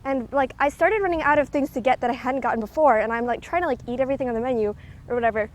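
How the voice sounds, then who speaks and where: A woman's voice: sits high, very fast, poor audio. A young woman rambling in a chatty walking vlog, full of fillers and a little out of breath from walking outdoors. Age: young adult. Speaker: vlogger. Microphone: handheld recording device with clip mic.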